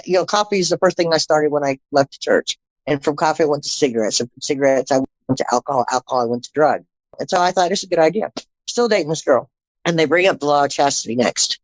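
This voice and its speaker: A woman's voice: sits low, no room sound. A middle-aged woman, a podcast guest, telling her personal testimony bluntly and animatedly, acting out the people in it. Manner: blunt, animated storytelling with frequent restarts and quoted dialogue. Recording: slightly dull, dry audio.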